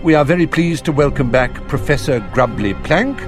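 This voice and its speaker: A man's voice: on the high side, fairly quick, natural voice. An actor playing an elderly male wizard headmaster who makes formal announcements to students over film music. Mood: formal, welcoming. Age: older. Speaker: school headmaster addressing students. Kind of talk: film dialogue. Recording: film clip with score underneath. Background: orchestral music.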